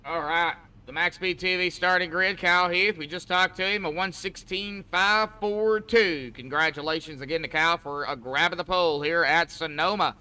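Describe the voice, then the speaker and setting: A man's voice: a little high, moderate pace, hardly any pauses, sharp tone, smooth. A man commenting on an online sim race as host, chatty and folksy, talking to drivers like buddies. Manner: chatty, folksy, calls people buddy. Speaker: race broadcaster.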